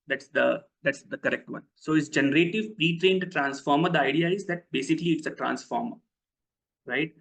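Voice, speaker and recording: A man's voice: on the high side, brisk, gravelly, fairly bright tone, poor audio. Man teaching an online webinar. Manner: explains step by step, asks the audience questions. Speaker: webinar presenter. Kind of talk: live online lecture.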